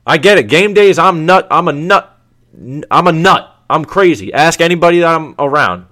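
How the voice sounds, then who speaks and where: A man hosts his own sports show in a loose, emphatic monologue. His voice sits slightly high, and he drives his points home by repeating them and asking rhetorical questions. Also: expressive, normal speed, sharp tone. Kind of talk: casual sports commentary monologue.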